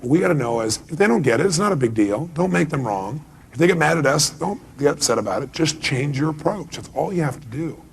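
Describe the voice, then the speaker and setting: A man's voice: on the high side, expressive, fast, creaky, slightly rough. A man giving a motivational seminar talk, pressing the audience with emphatic rhetorical questions. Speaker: motivational speaker.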